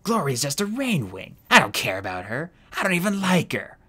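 A harsh adult she-dragon snaps out cold, clipped lines, voiced by an audiobook reader. The reading moves lively through pitch, storybook style. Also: moderate pace, breathy edge, heavily acted. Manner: sharp, snapping.

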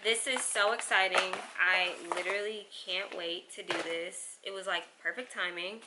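A chatty young woman talks straight to her viewers as she opens packages and gushes over each one. Her voice sits at an ordinary middle pitch. Steady background noise runs under the whole recording. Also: moderate pace. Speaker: vlogger. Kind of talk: casual unboxing vlog.

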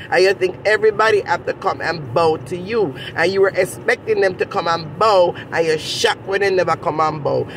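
A woman's voice: mid-range voice, a little hiss or hum, low-quality recording. A woman with a Jamaican accent giving direct-to-camera commentary, scolding the person she addresses with repeated rhetorical questions. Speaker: commentary vlogger.

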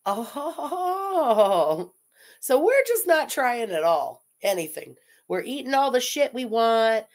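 A woman's voice: a little high, big pitch swings, slow pace. A woman giving blunt, sarcastic reaction commentary, mocking what a streamer says.

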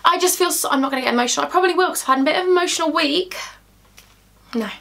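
A woman's voice: high-pitched, very fast, vocal fry, a bit bright. A young woman chatting to camera as a beauty vlogger, gushing and affectionate as she talks through her makeup. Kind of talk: casual makeup chat to camera.

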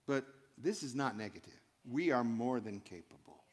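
A man's voice: medium pitch, lively intonation, normal speed, husky. A man preaching a sermon in a church, emphatic and built on short repeated phrases. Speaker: pastor. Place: church sanctuary. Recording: long hall reverb.

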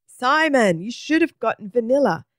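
A woman's voice: medium pitch, sing-song, fast talker, gravelly, a little mellow, no echo, clean studio sound. A woman reading a storybook aloud, voicing a nagging mother. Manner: nagging, calling out.

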